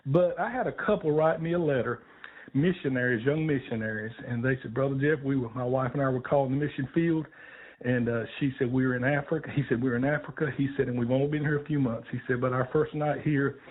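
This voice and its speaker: A man's voice: mid-range voice, quick pace, husky. An older man, a gospel songwriter, telling stories on a radio show, emotional and laughing often. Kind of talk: heartfelt storytelling on a radio call-in. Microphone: phone. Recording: tinny phone line.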